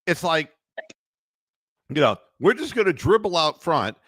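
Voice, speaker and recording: Animated, mocking male sports radio host. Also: fairly high pitch, unhurried, no room sound. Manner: animated, mocking, laughs while talking; puts on announcer and referee voices. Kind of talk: casual sports chat.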